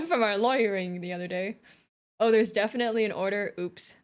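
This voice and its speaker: A woman's voice: medium pitch, normal speed, slight background noise. A young woman streaming a game, chatting casually and giggling as she reads dialogue aloud. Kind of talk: casual chat while playing a game.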